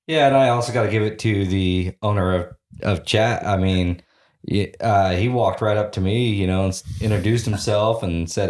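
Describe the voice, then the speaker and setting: Male guest, low voice, relaxed plain talk, echoey room. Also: normal speed. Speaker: podcast guest. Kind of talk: casual chat.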